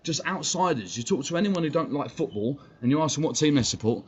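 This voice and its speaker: A husky, slightly high-pitched English voice fires off a heated rant on a live fan stream. He talks fast and expressively, swearing bluntly and spoiling for a fight, and the lo-fi stream audio is dull with faint background noise.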